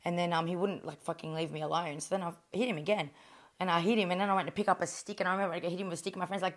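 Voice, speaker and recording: An Australian woman telling stories as a podcast guest, animated and blunt, with plenty of swearing. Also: fairly low pitch, rapid-fire. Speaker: guest, professional boxer. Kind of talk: casual storytelling.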